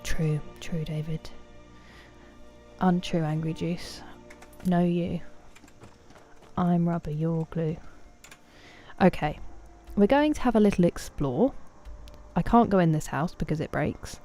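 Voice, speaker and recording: Her voice is warm and on the low side, and she talks slowly with frequent pauses. This young woman is live-streaming a game, casually and playfully chatting and welcoming viewers by name while game music plays faintly behind her.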